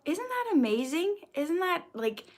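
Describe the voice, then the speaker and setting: A woman in her thirties hosting a casual livestream, chatting warmly and encouragingly as she reads viewer comments aloud. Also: very high voice, very animated, a little slow.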